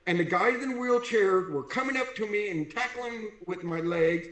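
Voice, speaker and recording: A man with deaf speech tells his story with animated energy, lifting his voice a little higher than most men. He acts out the lines of each person in it. The room around him is echoey. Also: normal speed. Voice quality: deaf speech, wears hearing aids. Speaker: interview guest, strongman. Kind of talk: storytelling in a casual interview.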